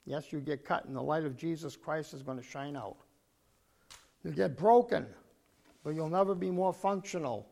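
Gravelly older man preaching a sermon. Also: fairly high pitch, moderate pace, a little mellow. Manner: frequent throat clearing, emphatic bursts.

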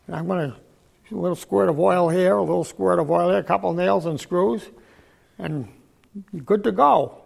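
An older man preaches a sermon in a high, gravelly voice worn hoarse and husky. He keeps clearing his throat, pushing some phrases out loudly and dropping others to a low mutter. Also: normal speed. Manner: frequent throat clearing, swings between loud emphasis and low murmurs. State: voice failing, hoarse.

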